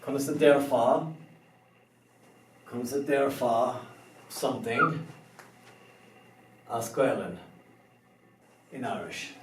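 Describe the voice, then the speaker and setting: A man teaching a beginner language lesson, slow and careful, spelling out words letter by letter. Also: mid-range voice, slight background noise. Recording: roomy echo, somewhat far from the mic.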